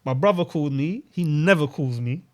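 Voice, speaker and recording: A man's voice: on the high side, a little fast. A young man, a podcast co-host telling a personal story in casual chat, full of slang and acted-out quotes. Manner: animated storytelling with London slang, acting out quotes.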